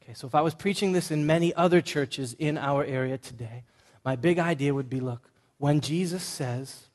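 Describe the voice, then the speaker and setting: A man's voice: on the high side, normal speed, darkish tone. A man preaching a sermon in an emphatic, conversational way, stacking short punchy lists. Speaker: pastor.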